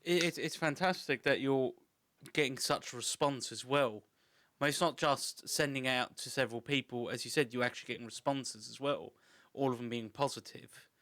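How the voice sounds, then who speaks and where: Smooth-voiced English podcast host. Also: male voice, medium pitch, moderate pace, fairly bright tone. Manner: chatty, encouraging, swears casually. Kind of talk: casual interview chat.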